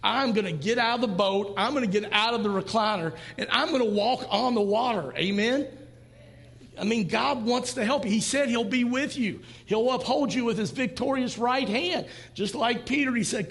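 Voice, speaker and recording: A man's voice: high-pitched, moderate pace, vocal fry, a bit bright, long reverb tail. A man in his fifties preaching a sermon to a church congregation, talking in a conversational way and acting out quoted lines. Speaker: pastor. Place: church sanctuary.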